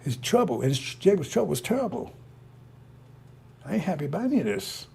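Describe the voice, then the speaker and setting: Gravelly, husky man preaching casually. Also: sits high, very animated, a little fast, warm tone. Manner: rambling, repetitive, blunt and profane. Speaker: religious commentator.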